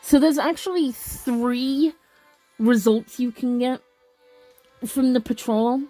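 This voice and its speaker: A woman's voice: a little high, slow pace, mellow, dry recording. A young woman chatting casually through a game, rambling with many fillers and restarts, and reading the game's text aloud. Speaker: let's play gamer. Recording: dry close mic with faint game music.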